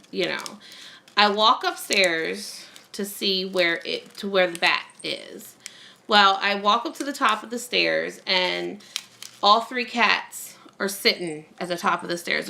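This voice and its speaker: Gravelly bright-voiced woman rambling. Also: mid-range voice, slight background noise. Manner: rambling storyteller, many fillers. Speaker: craft vlogger. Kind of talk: casual chat while crafting. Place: at home.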